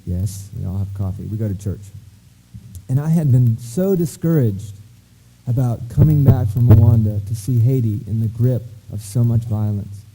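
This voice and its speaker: A middle-aged man giving a talk to high school students, telling a long story with wry asides and acted-out dialogue. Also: normal speed, dark tone, slight background noise, rough recording. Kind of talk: anecdotal public talk. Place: school auditorium.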